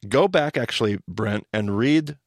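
A man's voice: fairly low pitch, measured pace, no room sound, studio quality. A man hosting a podcast, teaching in casual chat and acting out the lines he quotes. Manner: animated storyteller, acts out quoted lines.

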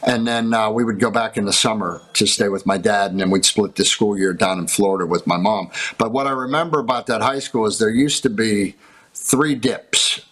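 A man from the Pittsburgh area, an actor guest telling lively stories and laughing on a talk show. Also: on the low side, moderate pace, rough recording. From Pittsburgh area, USA. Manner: animated storyteller who laughs between lines. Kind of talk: casual talk-show storytelling.

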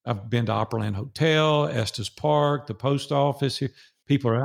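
An older man with a Southern drawl talks through a personal story as a podcast guest. His voice carries a gravelly edge, and he leans on repetition to drive points home. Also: medium pitch, moderate pace. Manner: earnest, repeats phrases for emphasis. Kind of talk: casual storytelling interview.

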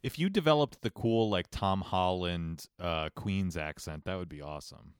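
A man from Ohio co-hosting a podcast, chatting casually with mock-grumpy deadpan complaints. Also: low-pitched, normal speed, clear, resonant tone, dry recording, studio quality. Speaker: podcast co-host. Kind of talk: casual chat.

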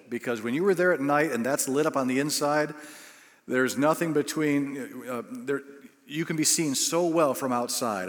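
A male pastor preaching a sermon, telling a story and building to bursts of emphasis. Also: medium pitch. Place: church sanctuary. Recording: long reverb of a church hall.

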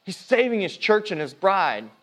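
Male pastor, high-pitched voice, sermon, earnest, restarts phrases, soft then forceful. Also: sing-song, moderate pace. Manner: earnest preaching that swings between hushed and emphatic; stops and restarts mid-phrase.

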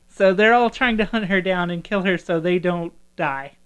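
A woman chatting casually about movies she has watched, her voice smooth and clean, pitched a little low. She laughs often and lets her sentences trail off and restart. The talk is relaxed and conversational. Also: a little slow. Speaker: podcast co-host. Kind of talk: casual chat reviewing movies.

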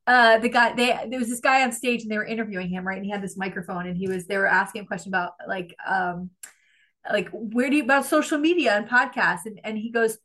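A woman's voice: mid-range voice, steady tone, fast, fairly bright tone. A woman co-hosting a podcast in casual chat. She swears freely and jumps from one aside to the next. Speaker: podcast co-host.

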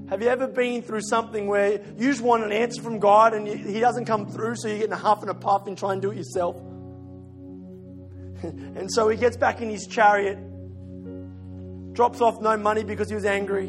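A middle-aged man, a pastor, preaching a sermon in a conversational, storytelling way, often repeating a word while he searches for the next. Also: high voice. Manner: conversational storytelling, self-deprecating, repeats words when searching.

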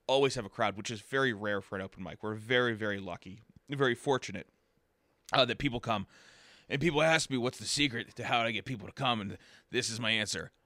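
A man's voice: medium pitch, animated, quick pace, a bit bright, no echo. Give me a man telling a story on a podcast, loose and rambling, dry sound. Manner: rambling, filler-heavy. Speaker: comedian, open mic host. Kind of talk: casual podcast chat, storytelling.

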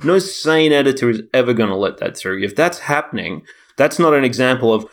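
A man's voice: medium pitch, animated, fairly quick, background noise. A man co-hosting a casual chat, rambling and sardonic, swearing freely.

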